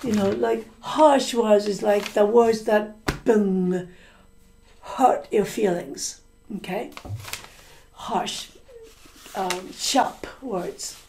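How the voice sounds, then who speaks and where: A woman teacher telling a story to language learners, slowly repeating and explaining words, often correcting herself. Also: mid-range voice, vocal fry, warm tone, a little hiss or hum.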